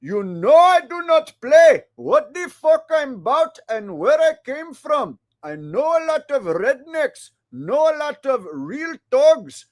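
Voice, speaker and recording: A crude, boastful hillbilly rapper with a thick Indian accent, as a man puts him on, pitched well above his normal voice. He draws out each line in a slow, half-sung rap delivery. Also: exaggerated voice.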